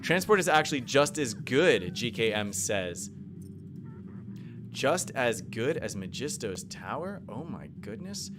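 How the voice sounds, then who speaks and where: A man streaming a mobile game live, commentating playfully and excitably while answering his chat. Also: medium pitch, measured pace. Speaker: gaming streamer. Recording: game music behind voice.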